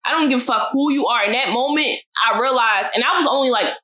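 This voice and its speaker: Bright-voiced, blunt young woman from West Africa. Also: a little high, quick pace. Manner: blunt, profane, animated storyteller. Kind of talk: casual chat, storytelling.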